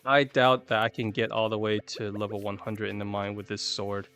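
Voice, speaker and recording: Faint music plays behind a man who streams a video game and rambles casually to viewers on a desk mic, chatty and self-deprecating. His voice sits fairly low, level in tone, a little fast and a bit bright.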